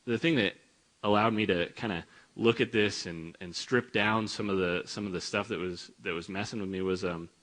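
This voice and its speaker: A young man giving a relaxed, conversational sermon in church, full of filler words and lively retellings. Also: on the low side. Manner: informal, many filler words, animated retelling. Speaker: preacher.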